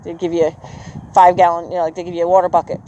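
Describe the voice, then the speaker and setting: An encouraging horse trainer coaches a student in an outdoor arena and keeps praising the horse. The voice sits at a middle pitch, with a little steady noise underneath. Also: fast talker, muffled recording. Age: adult with children. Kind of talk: coaching a riding lesson.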